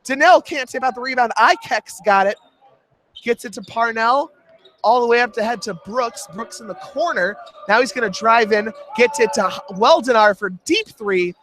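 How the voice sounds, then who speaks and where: A young man doing jokey, rapid play-by-play commentary for a college radio basketball broadcast. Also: animated, fairly bright tone, a little hiss or hum. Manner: jokey, rapid play-by-play that jumps in pitch on big shots. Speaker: play-by-play announcer.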